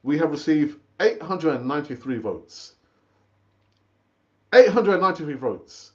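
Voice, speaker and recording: A man's voice: a little high, very animated, measured pace, a little mellow, muffled recording. A middle-aged man hosting a casual live football fan stream, chatty and repetitive, calling viewers brother. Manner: chatty, repeats himself, calls viewers brother. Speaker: football fan channel host.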